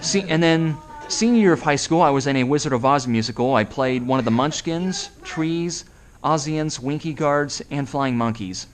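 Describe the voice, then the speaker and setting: A man's voice: fairly high pitch, moderate pace. A young man giving a school talk about himself in a plain, matter-of-fact manner. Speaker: guest speaker. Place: school classroom.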